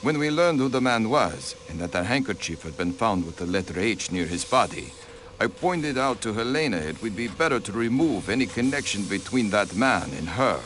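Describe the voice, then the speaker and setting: An actor voicing a haughty aristocratic diplomat, a count, who answers in a cold, dismissive way, in a video game. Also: male voice, on the low side, expressive, moderate pace, fairly bright tone, a little hiss or hum.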